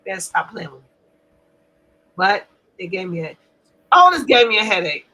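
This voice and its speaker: An older woman hosting a casual live stream, loud and profane, often laughing as she trash-talks. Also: medium pitch, big pitch swings, moderate pace, low-quality recording. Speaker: livestream host.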